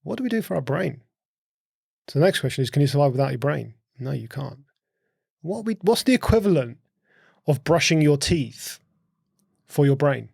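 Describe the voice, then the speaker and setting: A man's voice: fairly high pitch, sing-song, moderate pace, gravelly, pauses often, darkish tone, slightly rough, no echo, studio quality. A man co-hosting a podcast, explaining ideas in a casual chat, often restarting words and asking questions. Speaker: podcast co-host.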